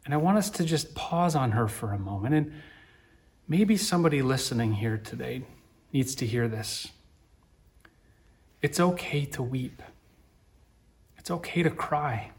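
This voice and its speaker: Male pastor, mid-range voice, gentle sermon delivery with earnest peaks. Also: medium pitch, expressive, a little slow, pauses often. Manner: gentle, reflective, builds to earnest emphasis.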